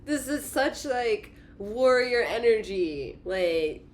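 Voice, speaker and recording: A woman giving a casual tarot reading in a profane, animated way, laughing often. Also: mid-range voice, slow, a little hiss or hum. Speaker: tarot reader.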